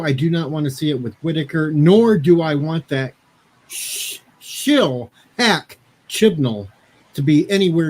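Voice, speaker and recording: A man, a panelist on a live-stream show, laying out his opinion quickly and firmly. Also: medium pitch, darkish tone, low-quality recording.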